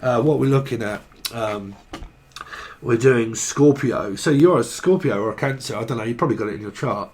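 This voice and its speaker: A man talks through a tarot reading in a loose, rambling way. He jumps from one idea to the next, jokes and drops swear words as he goes. His voice sits in an ordinary middle pitch. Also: moderate pace, a little mellow, slight background noise. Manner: rambling, free-associating, jokey, swears casually. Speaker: tarot reader. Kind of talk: casual stream-of-consciousness tarot reading.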